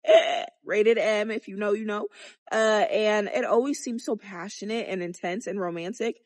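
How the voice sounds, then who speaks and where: A young adult woman chats to her viewers in a candid vlog recorded outdoors. Her talk is blunt, profane and full of jokes, at a mid pitch, and the sound is dry with no room echo. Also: steady tone, moderate pace. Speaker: vlogger. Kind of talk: candid chatty sex-education vlog.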